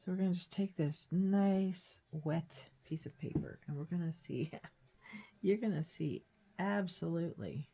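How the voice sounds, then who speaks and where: A woman with a cold and a hoarse throat, chatting casually while she shows a painting craft. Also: fairly low pitch, a little slow, dark tone. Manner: chatty, rambling, self-deprecating. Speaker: craft vlogger. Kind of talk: casual painting tutorial chat.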